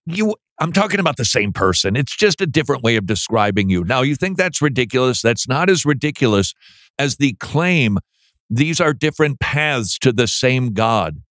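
A man's voice: medium pitch, a bit bright, no room sound, clean studio sound. Emphatic, sarcastic male radio host. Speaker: radio talk show host. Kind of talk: radio commentary.

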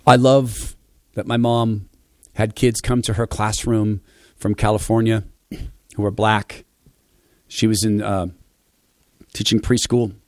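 A man's voice: fairly low pitch, no room sound. A man from Spokane giving a reflective personal monologue, telling stories in an earnest, affectionate way. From Spokane, USA. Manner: storytelling, acting out quoted voices.

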